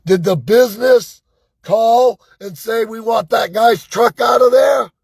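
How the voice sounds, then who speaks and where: A man's voice: very high-pitched, unhurried, vocal fry, darkish tone, husky, no room sound, clean studio sound. An older man talking in an agitated personal monologue, swearing and asking "right?" again and again. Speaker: vlogger.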